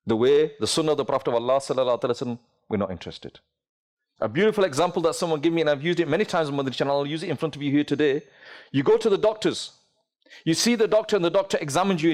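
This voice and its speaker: Animated male preacher telling a story. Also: a little high. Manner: storytelling with rhetorical questions, voice rising and dropping. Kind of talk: sermon.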